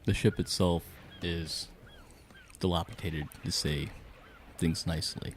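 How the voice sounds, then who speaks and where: A man's voice: sits low, steady tone, a little slow, slight background noise. A man narrating a tabletop game as game master, mixing dramatic storytelling with casual rulings for the players.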